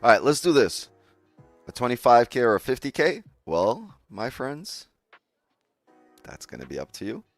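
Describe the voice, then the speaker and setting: A man's voice: medium pitch, big pitch swings, normal speed, long pauses, faint music behind. A man hosting a casual trading live stream, talking straight to his chat in a loose, joking way and swearing often.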